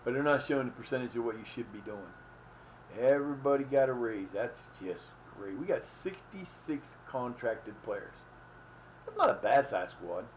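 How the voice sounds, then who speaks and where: A man's voice: mid-range voice, expressive, moderate pace, a little hiss or hum. A man casually chatting while streaming a football management game, rambling and swearing now and then. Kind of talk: casual live-stream commentary. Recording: slightly dull lo-fi mic.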